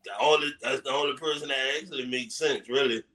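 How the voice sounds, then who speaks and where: A man's voice: mid-range voice, steady tone, quick pace, pushed and bright, poor audio. A man co-hosting a casual wrestling podcast, giving laid-back, short replies. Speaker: podcast co-host.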